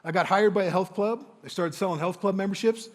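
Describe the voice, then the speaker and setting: A man telling a motivational sales story on stage to a live audience, animated and enthusiastic, acting out the dialogue. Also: high voice, fairly quick. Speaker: motivational speaker and sales coach. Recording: long hall reverb.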